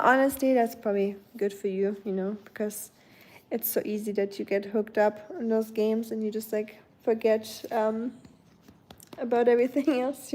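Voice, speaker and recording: A woman's voice: fairly high pitch, dark tone. A young woman casually chatting with viewers on a home live stream, rambling with fillers and correcting herself as she talks. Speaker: livestream host.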